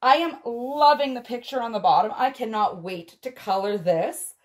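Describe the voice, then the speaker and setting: A woman unboxing a doll advent calendar on a vlog, gushing and gasping with excitement as she talks straight to her viewers. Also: fairly high pitch, normal speed. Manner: gushing, excitable, frequent gasps and exclamations. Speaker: doll collector vlogger.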